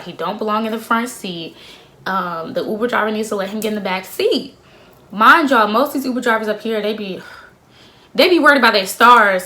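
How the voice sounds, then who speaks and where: A young woman in her twenties telling a story to her phone camera in a casual, slangy, animated way, laughing often. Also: medium pitch. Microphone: phone camera at arm's length.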